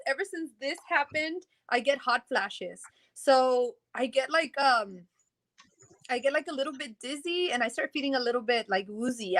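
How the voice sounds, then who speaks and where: A woman with a high-pitched, sharp-toned voice recounts her story in a casual interview. She rambles, acts out dialogue, and laughs in between.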